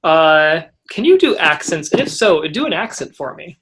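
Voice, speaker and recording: A teenage boy and young actor in a casual interview, rambling and halting, with frequent restarts. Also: on the high side, sing-song, fairly bright tone, breathy edge.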